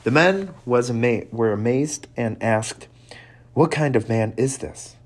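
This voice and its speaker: A man giving an earnest devotional sermon, reading scripture and reflecting on it, with halting restarts and quiet drops in his voice. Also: medium pitch. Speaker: preacher.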